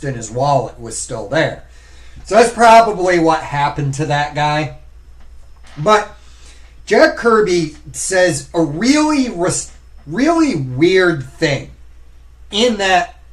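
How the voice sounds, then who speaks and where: A man hosts a live stream in a loose, rambling way, talking straight to the viewers reading the comments. His voice sits a little high for a man, and he takes his time, drawing out each thought slowly. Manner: rambling, conversational, addresses chat directly. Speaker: streamer host.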